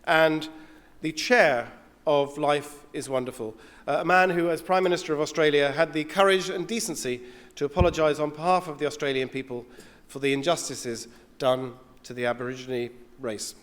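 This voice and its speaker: A man introducing a guest speaker on stage at an evening event, in a measured, ceremonial way. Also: on the high side, fairly bright tone. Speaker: event host. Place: large hall at an evening event. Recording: long hall reverb.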